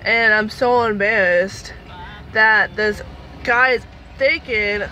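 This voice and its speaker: A woman's voice: mid-range voice, takes it slowly, a little hiss or hum, poor audio. A woman in her thirties telling a personal story in a casual, chatty way, full of fillers. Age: 30s. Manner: chatty, animated, lots of fillers. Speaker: vlogger.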